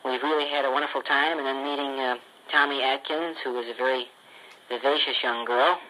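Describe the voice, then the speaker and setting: A man's voice: medium pitch, steady tone, a little fast, pushed and bright, slight background noise, rough recording. A man speaking in a friendly, chatty recorded letter. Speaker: ventriloquist.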